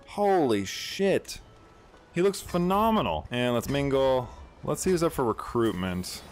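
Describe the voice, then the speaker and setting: A man chatting casually over his gameplay, excitable and slangy, with quick asides to his viewers. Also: on the low side. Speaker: gameplay streamer.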